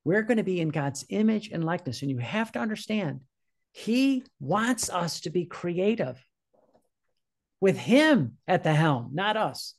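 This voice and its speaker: A man's voice: sits high, very animated, unhurried, gravelly. An older man, a priest, giving a fervent sermon and reading quoted passages aloud with emphasis.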